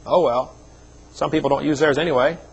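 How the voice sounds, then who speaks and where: A man's voice: a little high, fairly even intonation, brisk, vocal fry, slight background noise, poor audio. A middle-aged man preaching a seminar sermon, telling personal stories in a folksy way with joking asides. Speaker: evangelist speaker.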